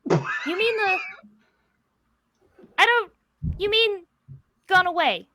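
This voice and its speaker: Gushing, excited dog named Dolly. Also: female voice, very high-pitched, takes it slowly, no room sound, studio quality, voice pushed up, full character voice. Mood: eager. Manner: gushing, breathless exclamations. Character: excitable friendly female dog, overjoyed.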